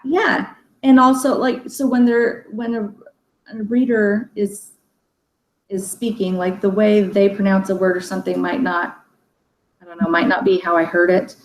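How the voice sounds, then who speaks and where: A woman's voice: medium pitch, fairly even intonation, normal speed. A woman hosting a casual livestream book chat, talking loosely with fillers, restarts and frequent laughs. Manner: chatty, laughs often, many fillers and restarts. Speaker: book discussion host. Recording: echoey room with faint ambient noise.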